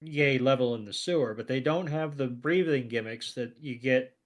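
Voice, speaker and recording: A man co-hosting a podcast, casually recapping a cartoon episode and joking along. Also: mid-range voice. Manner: unhurried, joking. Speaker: podcast co-host.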